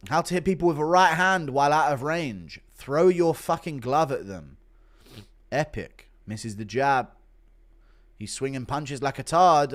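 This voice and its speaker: A male streamer giving loud, profane play-by-play while he reacts to a fight and reads chat. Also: on the high side, a little slow. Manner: excitable, profane, loud bursts. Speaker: streamer host.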